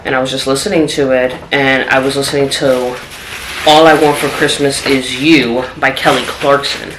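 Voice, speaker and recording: A woman telling a personal story in a home vlog, candid and open, her voice going soft and trailing when the story turns sad. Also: rumbling low, flat delivery, normal speed, background noise. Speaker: vlogger. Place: home apartment. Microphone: phone camera. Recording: echoey room with clattering dishes.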